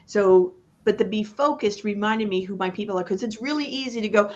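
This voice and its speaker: A woman business coach, a guest on a live online panel, gives a motivational talk with emphatic, chant-like repetition and dramatic pauses. Her voice is a little high, and the highs are cut off.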